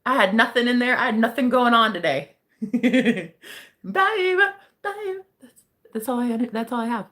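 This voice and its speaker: A woman's voice: a little high, steady tone, fairly quick, fairly bright tone. A young woman hosting a casual livestream as a psychic reader. She chats with viewers, laughs often and swears casually.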